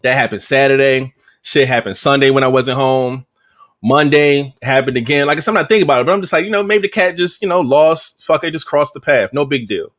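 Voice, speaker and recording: A man's voice: mid-range voice, a little fast, a bit bright. A man co-hosting a podcast, telling a story in casual, profane slang with lots of energy. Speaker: podcast co-host. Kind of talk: casual chat.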